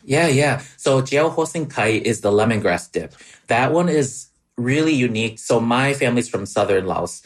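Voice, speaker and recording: A man's voice: medium pitch, expressive, husky. A man with a Wisconsin accent, a cookbook author chatting eagerly in an interview, with lots of likes and ums. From Wisconsin, USA. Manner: quick, enthusiastic, filler-heavy. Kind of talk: casual interview chat.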